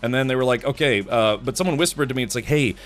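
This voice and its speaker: A tired man hosts a casual live stream, his voice sitting at an ordinary middle pitch as he rambles from one story to the next. He drops in mouth sound effects as he talks, and faint music runs softly behind him. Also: racing.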